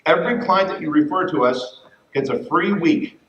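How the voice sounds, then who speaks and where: Man, conference keynote, animated and profane, slightly high voice, muffled roomy hall sound. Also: normal speed, a little hiss or hum. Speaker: fitness business speaker. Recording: distant, roomy, dull room mic.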